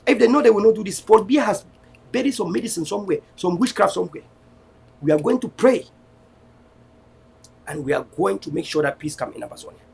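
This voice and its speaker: With a high, animated, brisk voice that is a little mellow and full of vocal fry, this Cameroonian online TV host pauses often. His impassioned political speech is defiant and frequently preachy, built on repetitive rallying.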